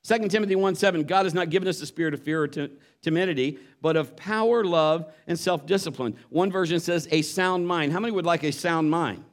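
A man delivering a sermon in a storytelling way. His voice sits a bit high for a man, and he slips in and out of the voices of the people in his story. He moves between relaxed asides and scripture. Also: fairly quick, hardly any pauses. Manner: animated storyteller acting out voices. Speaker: pastor.

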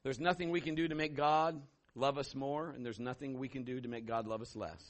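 A middle-aged man preaching a sermon as pastor, telling stories and acting out voices with sudden loud bursts. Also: medium pitch, steady tone, brisk.

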